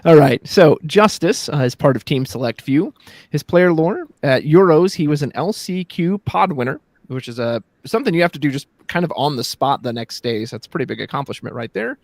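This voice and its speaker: A man's voice: on the high side, animated, fairly quick, creaky, a little mellow, dry recording, studio quality. A man casting a live card game tournament, introducing a player in a playful, upbeat way. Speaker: caster.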